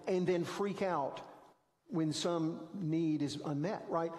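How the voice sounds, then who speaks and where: A man's voice: sits high, a little slow, darkish tone, big-room sound. A man preaching a sermon as pastor, telling stories in a conversational, self-deprecating way. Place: church sanctuary.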